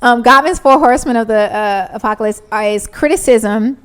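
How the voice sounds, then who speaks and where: A young woman in her twenties talks in a relaxed podcast chat. She explains her points earnestly, often restarting her sentences, and her voice sits a little high. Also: brisk, a little hiss or hum. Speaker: podcast co-host. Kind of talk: casual chat.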